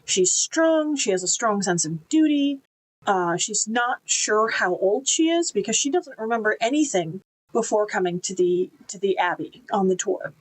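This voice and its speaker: A woman's voice: mid-range voice, lively intonation, moderate pace, rough recording. Chatty woman reviewing a book. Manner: enthusiastic, chatty, with fillers and restarts.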